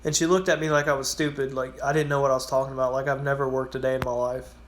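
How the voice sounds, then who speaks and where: A man's voice: medium pitch, little pitch movement, quick pace, fairly bright tone, slight background noise. A man who works at a gas station casually tells rambling work stories, swearing freely and acting out his customers. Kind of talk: casual storytelling vlog.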